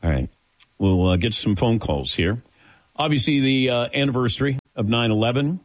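A man's voice: mid-range voice, moderate pace. A man hosting a sports radio talk show, joking with his crew between segments. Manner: lively, joking, sets up segments.

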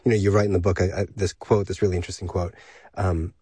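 Deep, husky man interviewing. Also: fast talker, dry recording. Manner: relaxed, asks long rambling questions. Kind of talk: interview questions.

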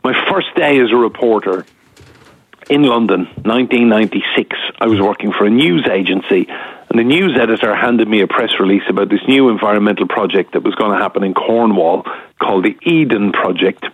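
A man's voice: fairly low pitch, brisk, no echo. A man in his fifties, a news reporter and guest, chatting and telling anecdotes on the radio. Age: 50s. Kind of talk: casual storytelling on radio. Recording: husky, tinny phone line.

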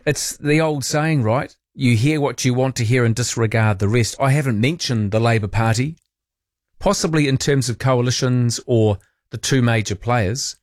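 Blunt New talk radio host. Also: male voice, mid-range voice, no echo, clean studio sound. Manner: chatty, blunt, opinionated. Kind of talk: talkback radio hosting. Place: radio studio.

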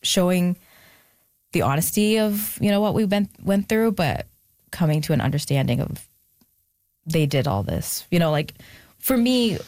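A woman's voice: fairly low pitch, animated, normal speed, pauses often, darkish tone, no echo, studio quality. A young adult woman speaking as an interview guest, reflective and thoughtful, with many fillers and moments of emotion. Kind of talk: casual interview conversation.

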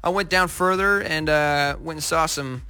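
Bright-voiced young American man. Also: on the high side, normal speed, clear, resonant tone. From United States. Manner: rambling, self-correcting, friendly. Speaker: pop singer guest. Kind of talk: casual interview chat.

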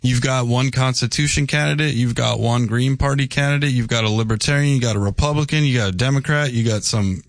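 A man's voice: mid-range voice, fast, hardly any pauses, no echo. A man co-hosting a casual political chat, joking and pushing back with pointed questions. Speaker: co-host.

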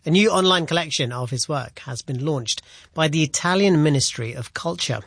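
Male news presenter, crisp and dry. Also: a little high, fairly bright tone, no echo. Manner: measured, formal.

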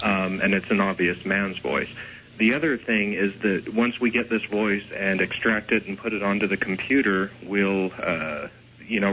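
A man's voice: low voice, sharp tone, highs cut off, a little hiss or hum. A man, a ghost investigator, explaining things in a radio interview, loose and full of fillers.

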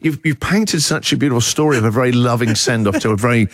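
A man's voice: medium pitch, fast talker, no echo, clean studio sound. A man hosting a radio show, teasing his guest and interrupting with quips. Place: radio studio.

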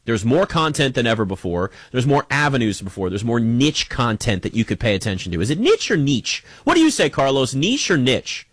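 Male sports talk host, mid pitch, dry close sound, conversational and emphatic monologue. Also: quick pace, hardly any pauses, no room sound. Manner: conversational, emphatic, animated, addresses listener directly. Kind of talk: casual opinion monologue.

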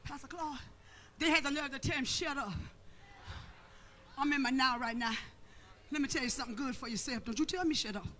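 A preacher with a high, piercingly bright voice delivers a fervent sermon. The preacher swings into shouted, half-sung refrains and drives repeated phrases home in call-and-response style. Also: brisk, pauses often. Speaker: pastor.

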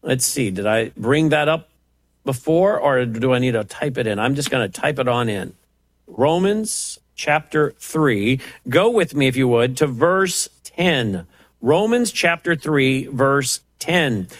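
A man's voice: mid-range voice, lively intonation, measured pace, dry recording. A man teaching the Bible verse by verse, preaching with passion and firing off rhetorical questions and mocking asides. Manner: impassioned, rising to emphatic preaching on scripture. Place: at a computer, typing up passages.

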